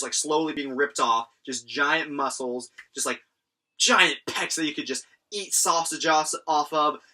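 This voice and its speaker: A man's voice: fairly high pitch, pushed and bright. A young man casually recapping and reviewing an anime episode, rambling with lots of fillers and chuckles.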